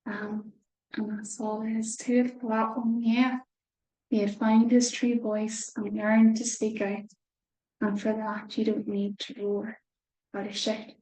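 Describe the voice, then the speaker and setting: A woman reads a children's story at a slow, careful pace, in a gentle voice with hushed asides. Her tone is mellow and fairly level, and the room gives a noticeable echo. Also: on the high side, level tone. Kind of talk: reading a picture book aloud.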